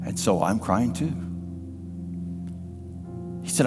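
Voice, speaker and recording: A male pastor preaches in a low voice, telling a personal story with feeling and at times sinking to a near whisper. A band plays clearly behind him. The sound carries the long reverb of a church sanctuary. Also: lively intonation, moderate pace, over music. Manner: storytelling, emotional, drops to a hush. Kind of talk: sermon. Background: band playing softly.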